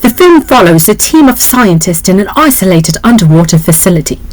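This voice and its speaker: A woman's voice: mid-range voice, sing-song, a little fast, no room sound, poor audio. A woman putting on a British accent to read a plot summary as a British woman scientist. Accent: British (put on).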